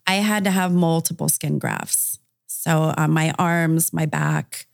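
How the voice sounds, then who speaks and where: Low-voiced woman candidly recounting her story. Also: wildly swooping pitch, takes it slowly, gravelly, no echo, clean studio sound. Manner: candid, conversational, with frequent fillers. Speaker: podcast guest. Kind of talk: interview, recounting personal story.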